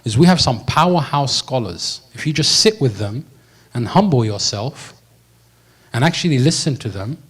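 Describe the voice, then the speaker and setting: Male preacher, mid-pitched, casual storytelling delivery with slangy asides. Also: moderate pace, slightly rough. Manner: lively storyteller, slips into slangy voices for quoted characters. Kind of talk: sermon storytelling.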